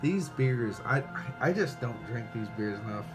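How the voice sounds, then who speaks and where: A man tasting and reviewing beer in a casual vlog, excitable and rambling, swearing freely and a bit tipsy after several beers. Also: medium pitch, unhurried. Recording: music playing clearly behind the voice.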